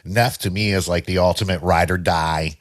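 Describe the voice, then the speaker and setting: A man's voice: sits low, steady tone, normal speed. A man co-hosting a podcast, chatting loosely and laughing often. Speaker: podcast co-host. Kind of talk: casual chat.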